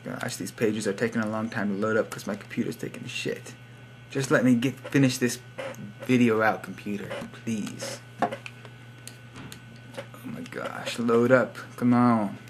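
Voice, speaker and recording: Against a noisy background, a young vlogger speaks in a steady, medium-pitched voice, unhurried and pausing often. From his home computer, he delivers a rambling YouTube monologue with shoutouts, goofy jokes and occasional put-on accents.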